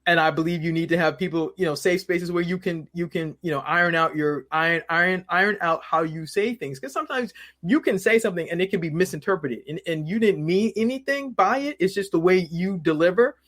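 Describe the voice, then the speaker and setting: A man's voice: sits high, brisk. A man as an interview guest, talking casually and acting out the voices of people in his stories, often repeating words as he goes. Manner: animated storyteller who acts out quoted voices, repeats words.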